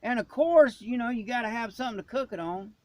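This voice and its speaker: A man's voice: very high voice, fast talker, no room sound. A man from Florida who hosts a prepping channel, ranting in a blunt, emphatic, folksy way. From Florida, USA. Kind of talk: ranting vlog.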